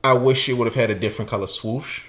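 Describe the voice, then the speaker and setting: A man's voice: mid-range voice, fast. A young man co-hosting a casual sneaker podcast, telling stories with lots of slang and swearing and acting out the voices. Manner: animated storyteller, acts out voices; profane, slangy. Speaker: podcast co-host. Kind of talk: casual chat.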